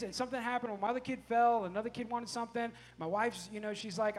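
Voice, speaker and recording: A middle-aged pastor, preaching a sermon, telling a family story and shifting between hushed and loud delivery. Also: male voice, high voice, steady tone, racing, hardly any pauses, slight background noise.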